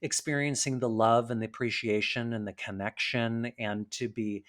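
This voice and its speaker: A man who works as an animal communicator, talking earnestly and gently as a podcast guest. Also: medium pitch, fairly even intonation, moderate pace. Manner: earnest, gentle, many fillers and restarts. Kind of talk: casual conversation.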